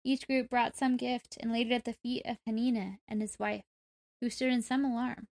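A woman reads a folk tale aloud for a comedy podcast, playful and ready to laugh at her co-host. Her voice sits a little on the high side. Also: flat delivery, normal speed, darkish tone. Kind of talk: storytelling read-aloud with joking asides.

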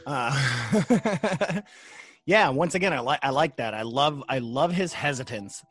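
A man hosting a paranormal podcast in casual chat, animated and laughing often. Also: medium pitch, slow, slightly rough. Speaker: podcast host.

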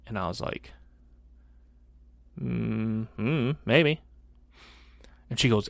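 A middle-aged man tells a story on a podcast in a loose, profane way and acts out the other people's lines. He sits close to a dry studio mic with no room sound. His pitch is average for a man. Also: extremely slow, creaky, long pauses, no echo. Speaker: podcast co-host. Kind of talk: casual storytelling chat.

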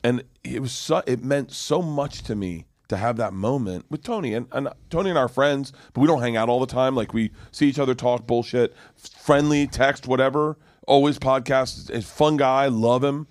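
A comedian guest in his forties, with a mid-range voice at normal speed, tells a rambling story in casual chat. The studio-quality recording is dry, and he's animated and profane, restarting often as he goes.

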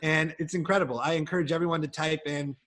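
A man's voice: on the high side, fairly even intonation, fast, a bit bright. A man with a slightly raised voice tells loose, rambling stories in a casual chat. He swears freely and wanders off track. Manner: rambling, profane storytelling. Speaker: podcast guest.

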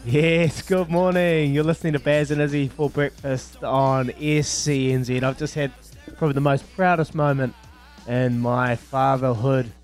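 A man's voice: medium pitch, steady tone, normal speed, faint music behind. A New Zealand man in his thirties hosting a breakfast radio show, chatting casually with matey slang and frequent laughs, on a studio microphone.

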